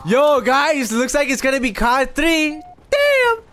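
A man streaming a live video game session, chatting to viewers in an excitable, constantly swearing way. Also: very high-pitched, a little slow, a little hiss or hum. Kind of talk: casual live gaming commentary.

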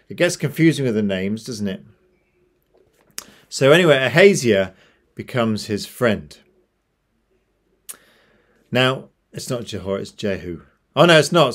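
A man's voice: mid-range voice, animated, measured pace, pauses often. A man retelling a Bible story to a church in a casual, chatty way, with jokey asides and self-corrections.

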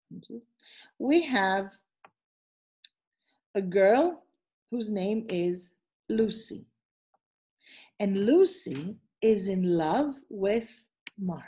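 Over a video call, a woman teacher trainer leads an online webinar with lively, encouraging instructions. Her voice sits in the mid range.

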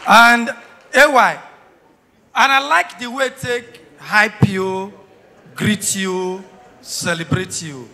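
Nigerian Pidgin stand-up man, very high and bright, slow and deliberate, loud teasing banter, booming hall echo. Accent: Nigerian Pidgin English. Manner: loud, teasing crowd banter with sudden shouts. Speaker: stand-up comedian. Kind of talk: live stand-up comedy. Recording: reverberant hall sound.

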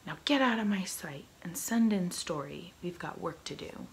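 A woman's voice: fairly low pitch, measured pace, creaky, slight background noise, rough recording. A woman whispering a vain, short-tempered male pirate captain in a whispered role-play. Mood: gruff.

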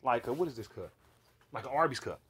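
Quick-paced and breathy at the edges, this man's mid-range voice carries a casual monologue about a vivid dream. He swears freely and stays animated, rambling through fillers and false starts.

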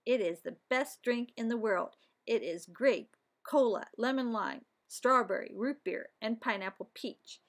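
A woman's voice: fairly high pitch, a little slow. A woman voicing an eager young girl in a children's storybook. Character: excited young girl with a new drink.

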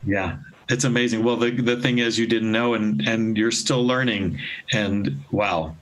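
A man's voice: fairly low pitch, unhurried, rough recording. A man from Texas hosting a casual interview, asking questions and offering encouraging short replies. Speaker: interview host, chorus conductor.

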